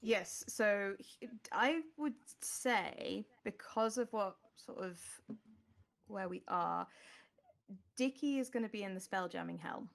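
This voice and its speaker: Gravelly woman game master. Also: medium pitch. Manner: descriptive, measured narration. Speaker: dungeon master. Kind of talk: narrating a tabletop game.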